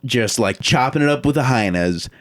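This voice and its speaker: A man telling a story in casual podcast chat, animated, laughing often and acting out what people said. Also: mid-range voice, normal speed, dry recording, clean studio sound. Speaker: podcast guest.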